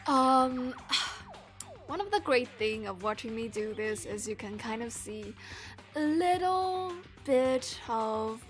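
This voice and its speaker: A woman's voice: on the high side, sing-song, slow, over music. A woman streaming a game, chatting in a rambling, playful way and trying out character voices, laughing often. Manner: tries out character voices aloud. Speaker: streamer playing a visual novel. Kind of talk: casual live-stream commentary and voice practice.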